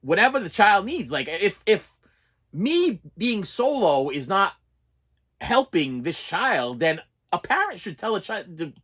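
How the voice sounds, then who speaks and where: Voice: mid-range voice, sing-song, unhurried, fairly bright tone. A middle-aged preschool teacher telling a story in a casual rant, exasperated, often repeating words and restarting sentences.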